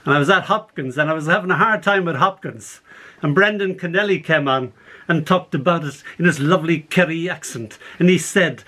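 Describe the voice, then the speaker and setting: An older poet reads his poems aloud and tells the stories behind them, animated and often laughing. His voice sits a touch high for a man, and he comes through a video call. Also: fairly quick. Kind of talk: poetry reading with anecdotes.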